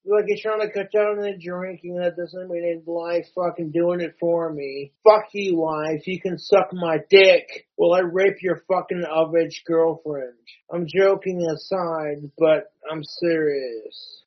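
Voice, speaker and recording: A young man rants into his vlog camera, tipsy and swearing in nearly every line. His voice sits high and his delivery drags slowly. The recording sounds dull and lo-fi. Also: fairly even intonation. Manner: profane, rambling, swears constantly. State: tipsy from drinking. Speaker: YouTuber. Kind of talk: ranting vlog monologue.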